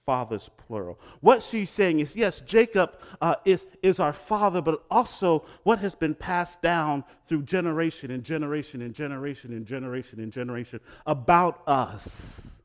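A middle-aged male pastor preaching a sermon, swinging between loud emphatic lines and hushed quiet ones. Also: on the high side, animated, normal speed, hardly any pauses.

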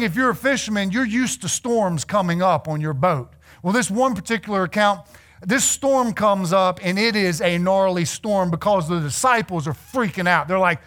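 A man preaching a sermon, telling Bible stories with lively acted-out dialogue and sudden hushed passages. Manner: animated storytelling, acts out biblical figures; drops to a hushed low voice for emphasis.

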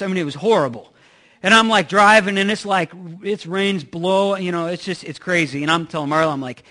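High-voiced pastor telling stories. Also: male voice, a bit bright. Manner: conversational, joking asides, frequent "like". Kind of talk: sermon with personal storytelling.

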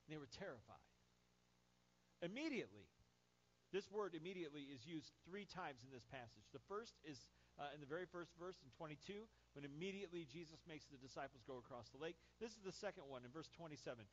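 A man's voice: fairly high pitch, brisk. A man preaching a Sunday sermon as pastor, acting out the lines of the people in the Bible stories. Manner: animated, acts out Bible quotes. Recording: dull lo-fi church recording with faint hum.

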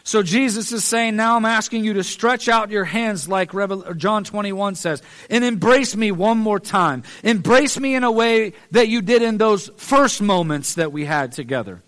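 A man with a notably high voice preaches a heartfelt sermon. He talks earnestly and pleads with his listeners, lifting his voice on the phrases he repeats. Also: moderate pace, few pauses, a bit bright.

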